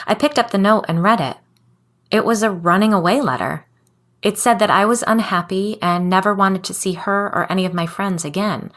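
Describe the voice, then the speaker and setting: A woman, a podcast guest, reading a creepy first-person story aloud in a calm, measured way. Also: medium pitch. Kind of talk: scripted narration of a creepy story.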